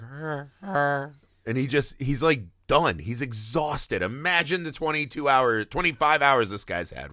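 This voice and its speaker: Bright, animated man on a podcast. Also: medium pitch, dry recording, clean studio sound. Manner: animated, swearing, acts out scenes in voices. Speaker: podcast co-host. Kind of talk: casual podcast chat.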